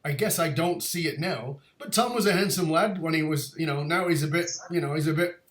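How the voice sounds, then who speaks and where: A man in his fifties hosts an interview with a fairly high voice, telling stories with lively energy and frequent laughter. The sound rings in a roomy, echoey space. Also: brisk. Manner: lively storyteller, laughs often. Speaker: podcast host. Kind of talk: casual interview chat. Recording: roomy echo.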